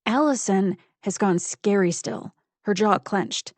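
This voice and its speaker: Woman reading a dark thriller audiobook, intense and simmering, mid pitch, dry close sound. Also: lively intonation, slow pace, no echo. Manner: intense, building fury. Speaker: audiobook narrator. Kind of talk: first-person thriller narration.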